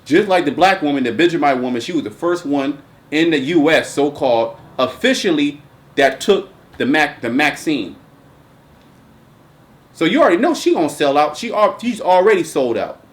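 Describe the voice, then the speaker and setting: A man's voice: on the high side, big pitch swings, normal speed. A man hosting a casual religious commentary chat, talking emphatically and profanely with lots of restarts. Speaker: host.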